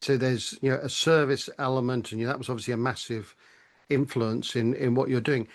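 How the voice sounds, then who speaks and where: A man's voice: medium pitch, steady tone, normal speed. A man hosting a podcast, framing long, thoughtful interview questions. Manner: thoughtful, many fillers and restarts while framing questions. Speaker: podcast host.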